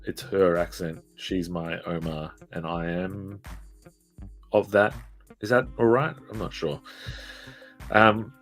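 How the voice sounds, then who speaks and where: A man's voice: low-pitched, steady tone, unhurried, soft background music. A man streaming live while he draws, telling a rambling, self-deprecating story full of fillers. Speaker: streamer and artist.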